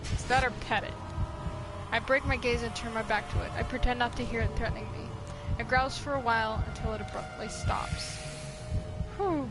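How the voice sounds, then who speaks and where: Profane excitable woman gamer. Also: a little high, moderate pace, music in the background. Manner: profane, excitable, swearing at the game. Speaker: gaming video host. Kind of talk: let's play commentary, reading game text aloud.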